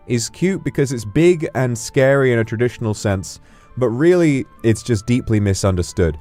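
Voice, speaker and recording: A man chatting casually on a livestream, playful and rambling, his voice leaping up when he gets excited. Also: mid-range voice, moderate pace, soft background music. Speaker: streamer.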